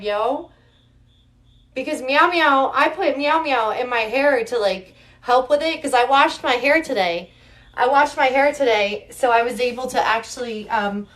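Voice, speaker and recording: A young woman chats on her livestream in a loose, rambling, playful way, often giggling. Her voice sits slightly high. She talks at an unhurried pace. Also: a bit bright. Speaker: livestream host. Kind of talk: casual livestream chat.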